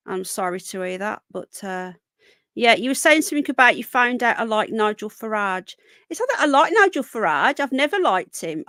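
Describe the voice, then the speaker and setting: This livestream host is a British woman whose medium-pitched, fairly bright voice comes through dry and studio-clean. She rambles casually while reading comments, calling out chat viewers by name.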